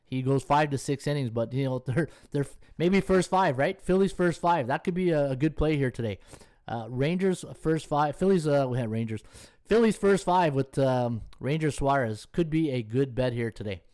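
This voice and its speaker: A man's voice: mid-range voice, animated, normal speed, darkish tone. A man hosting a sports betting podcast, rambling casually as he thinks aloud, checks schedules on screen and talks to his chat viewers. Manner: many fillers and restarts, checks schedules on screen. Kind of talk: casual live-stream chat.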